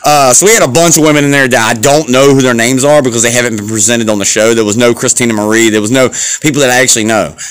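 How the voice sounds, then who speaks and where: A man talks through a wrestling show on his podcast, swearing freely and rambling from match to match. He gets excitable and jumps between thoughts, with a mid-pitched everyday voice. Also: quick pace, few pauses, clear, resonant tone. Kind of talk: casual solo show review.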